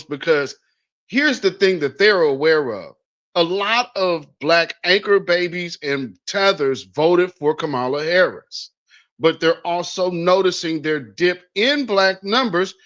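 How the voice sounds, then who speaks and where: Over a dull, lo-fi recording, a male political commentary host speaks in a blunt, sarcastic, emphatic style. His voice is high with a fairly bright tone.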